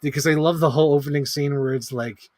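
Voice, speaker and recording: A man's voice: a little high, steady tone, fast, darkish tone, no echo. A man in his thirties chatting casually on a livestream as he ranks movies, rambling, swearing freely and filling his talk with "like". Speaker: movie ranking streamer.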